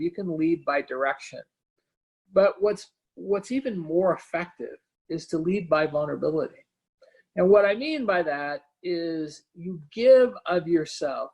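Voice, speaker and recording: A man's voice: high-pitched, gravelly, poor audio. A man, a company founder and CEO, talking candidly and personally in a webinar conversation, filling gaps with "you know" and "right?".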